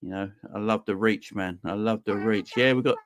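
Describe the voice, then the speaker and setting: A young man hosting a football fan livestream, casually and cheerfully shouting out viewers in the chat. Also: fairly low pitch, normal speed, dry recording, studio quality. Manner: upbeat, shouting out viewers by name. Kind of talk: casual live-stream chat.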